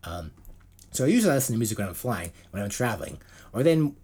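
A man's voice: lowish voice, big pitch swings, fast, a little mellow, husky. A man co-hosting a podcast in casual chat, rambling with lots of fillers and restarts. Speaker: podcast co-host.

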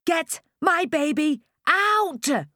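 Frantic mother in labour, screeching and high, read by a woman, dry close recording. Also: very animated, moderate pace, no room sound. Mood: panicked, shrill. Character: panicked young woman in hard labour.

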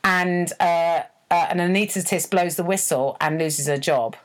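A woman's voice: on the low side, measured pace. A woman co-hosting a podcast, chatting casually and self-deprecatingly, often restarting her sentences. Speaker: podcast co-host. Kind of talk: casual chat.

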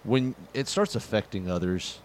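Rambling, animated man. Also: moderate pace. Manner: animated storyteller, jumps into high-pitched quoted voices; rambling, many fillers and restarts. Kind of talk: casual chat.

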